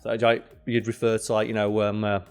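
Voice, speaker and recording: A British man co-hosting a podcast, telling stories in an animated way and slipping into voices for quotes. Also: lowish voice, brisk, clean tone, faint music behind. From Britain. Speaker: podcast co-host. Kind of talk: casual chat.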